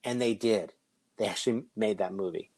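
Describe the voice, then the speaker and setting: A man's voice: on the low side, moderate pace, darkish tone. A middle-aged man giving a conference keynote, conversational with joking asides. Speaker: conference speaker. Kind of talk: keynote presentation.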